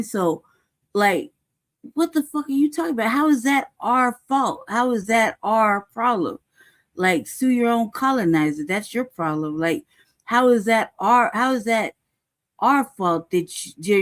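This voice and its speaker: A woman's voice: mid-range voice, measured pace. A woman hosting a podcast, delivering a heated, profane rant full of rhetorical questions, laughing often and asking "you know what I mean". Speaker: podcast host. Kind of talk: unscripted political commentary.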